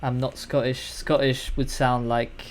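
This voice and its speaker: A man from France, giving live play-by-play commentary on an esports match, with excitable bursts at big plays and chatty asides in between. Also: medium pitch, measured pace, slight background noise. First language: French. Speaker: esports caster.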